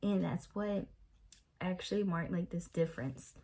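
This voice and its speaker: Slow-talking young woman teaching Bible study. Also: lowish voice, mellow, slight background noise. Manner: unhurried, many fillers and restarts. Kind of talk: casual Bible study talk.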